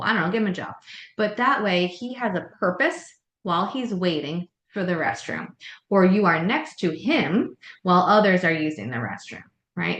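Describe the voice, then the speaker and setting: A woman's voice: lowish voice, muffled recording. A woman leading a childcare staff meeting, giving direct, practical tips on classroom management. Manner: direct, practical, coaching tone with quoted classroom lines. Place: meeting room. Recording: echoey meeting room.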